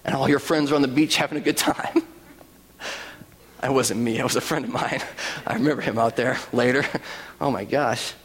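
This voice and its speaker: A man preaching a sermon as a pastor, animated, acting out people's panicked words in quotes. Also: medium pitch, normal speed, pauses often, husky. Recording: long reverb in a hall.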